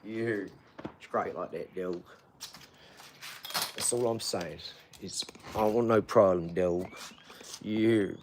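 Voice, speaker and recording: A man's voice: low voice, slow pace, pauses often, background noise. Rambling man with street slang. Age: adult father. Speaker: live streamer working out. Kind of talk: casual live-stream chat.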